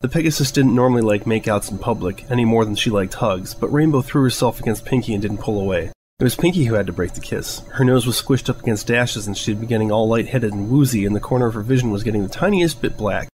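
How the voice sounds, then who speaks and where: A man narrating a fan story aloud in a steady, even reading voice. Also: lowish voice, fast talker, poor audio. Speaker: fanfiction reader. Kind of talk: audiobook narration.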